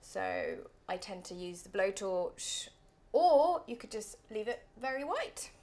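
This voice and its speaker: Background noise accompanies this cooking show host, a woman in her thirties with a medium-pitched voice. She's very animated yet speaks slowly, keeping her kitchen demo chatty and playful while sometimes murmuring self-deprecating asides.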